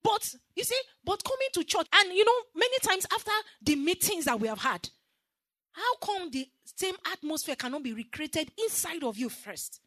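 A woman's voice: extremely high pitch, sing-song, normal speed, fairly bright tone, no echo, studio quality. A woman preacher with a Nigerian accent giving an emphatic sermon and calling on the congregation to repeat her words. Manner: emphatic, call-and-response with the congregation.

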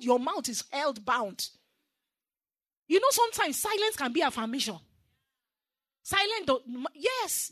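Speaking with a Nigerian accent, a woman preacher gives an emphatic sermon and calls on the congregation to repeat her words back in call-and-response. Her voice is high and a bit bright, captured at studio quality with no room sound.

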